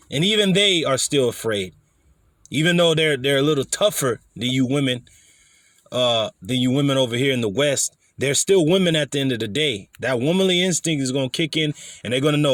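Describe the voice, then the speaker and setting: A man's voice: mid-range voice, no echo, clean studio sound. A man preaching over news clips, blunt and scolding, with profanity and frequent restarts. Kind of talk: preaching commentary.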